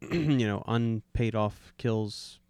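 A man's voice: fairly low pitch, extremely slow, darkish tone, clean tone, no echo. A man co-hosting a podcast in casual chat, hesitant and stammering, chuckling now and then. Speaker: podcast co-host.

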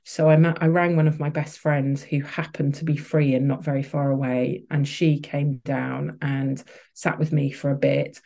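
A woman's voice: low voice, flat delivery, moderate pace, gravelly, few pauses, warm tone. Candid woman telling her story. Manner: open, emotional, many restarts and fillers. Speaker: podcast guest.

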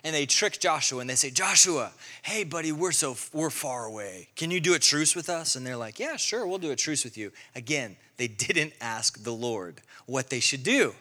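Animated preacher man in a reverberant hall. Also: medium pitch, normal speed, few pauses. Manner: animated storytelling, acting out quotes. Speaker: pastor. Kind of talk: sermon.

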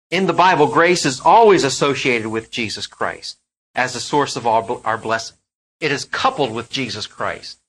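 Forceful, bright-voiced male preacher. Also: medium pitch, poor audio. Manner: emphatic preaching that swells louder on key words; reads scripture aloud and then explains it. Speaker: pastor. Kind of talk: sermon.

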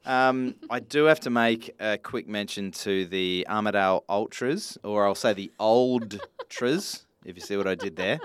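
A man's voice: lowish voice, moderate pace, few pauses, fairly bright tone, a little hiss or hum. A man, co-hosting a casual sports podcast, talking in a blunt, chatty way and swearing freely. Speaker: podcast co-host.

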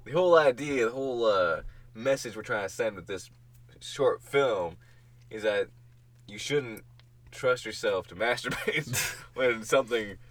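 A man's voice: mid-range voice, unhurried, a bit bright. A man riffing on a friend's improvised story in casual banter, laughing a lot and rambling with fillers. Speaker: podcast co-host.

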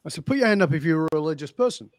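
Male guest, lively storyteller, a touch high-pitched, dry and close on the mic. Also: very fast, dry recording. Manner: animated storyteller, acts out dialogue. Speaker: leadership speaker, guest. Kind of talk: storytelling in a podcast interview.

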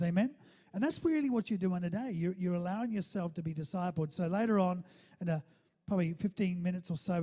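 A man's voice: sits high, dark tone. A man preaching a sermon, often calling out to his listeners for agreement and repeating words as he goes. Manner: calls for audience response, repeats words. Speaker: pastor. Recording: hall with long reverb.

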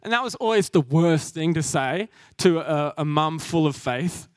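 A man's voice: a little high, animated, moderate pace, dry recording. A young man preaching a sermon, earnest and self-deprecating, laughing at himself as he goes.

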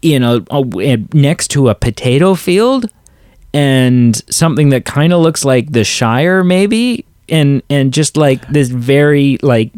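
A man's voice: medium pitch, lively intonation, slow, darkish tone, clean tone, no echo, clean studio sound. A man co-hosting a casual movie podcast, rambling with lots of fillers and restarts. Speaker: podcast co-host.

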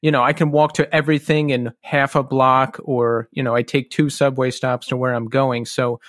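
A man's voice: medium pitch, little pitch movement, moderate pace, fairly bright tone, no room sound, studio quality. A man from New York City hosting a podcast, asking chatty, friendly questions in a casual interview. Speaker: podcast host.

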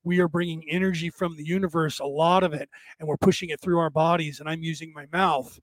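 A man's voice: a little high, fairly even intonation, fairly quick, no echo. An older man with a worn, damaged-sounding voice, talking at length in a rambling way and often restarting his sentences. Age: older, with graying hair. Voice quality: says his voice is damaged but penetrating. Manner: tired from talking for hours. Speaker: podcast host. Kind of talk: casual monologue.

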